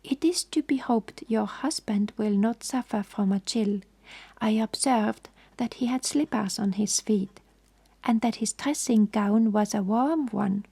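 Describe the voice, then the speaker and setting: A woman's voice: mid-range voice, a little slow, creaky, warm tone, breathy edge. A woman voicing a fussy, precise older male detective in a whispered role-play, formal and mildly reproving. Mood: suave.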